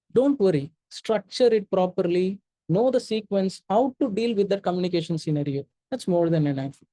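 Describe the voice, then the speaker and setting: An emphatic man lectures with a mellow, soft-edged tone. He talks straight at his listeners, repeats his warnings and keeps checking they follow. The sound is dry and close, with no room around it. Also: high-pitched, no echo. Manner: emphatic, direct, checks in with "okay?" and "all right?"; repeats key warnings for stress. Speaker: medical exam tutor. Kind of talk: spoken lecture.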